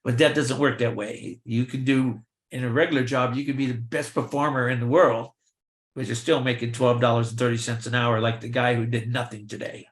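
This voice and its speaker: An older man, a guest in an interview, telling lively anecdotes and acting out the voices of the people in them. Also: medium pitch, brisk, reverberant. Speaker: film extra and actor, guest. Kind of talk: storytelling in an interview.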